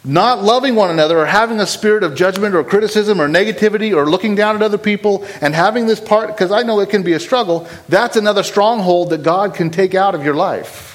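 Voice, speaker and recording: Impassioned male preacher, slightly high voice. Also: fast, hardly any pauses, poor audio. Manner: blunt, impassioned, rising to urgent emphasis. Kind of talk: sermon.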